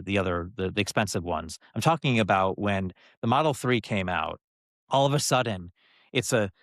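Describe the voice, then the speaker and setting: Middle-aged male guest, low voice, dry close sound, loose anecdotal storyteller who repeats phrases for emphasis. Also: a bit bright, no echo. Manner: anecdotal, drives points home by repeating phrases; loose delivery with frequent fillers and restarts. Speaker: interview guest, former TV executive and branding coach. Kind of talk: conversational storytelling.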